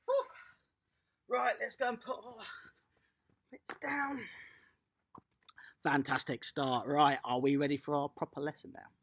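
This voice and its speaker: A children's tennis coach, giving a lively, encouraging home lesson and praising the young players outdoors in a garden. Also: mid-range voice, unhurried, pauses often, husky.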